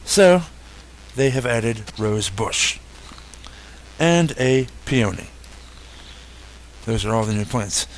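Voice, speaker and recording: A man's voice: mid-range voice, animated, takes it slowly, pauses often, background noise. A young man casually walking through a game update, talking easily with frequent fillers and self-corrections. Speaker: gaming YouTuber.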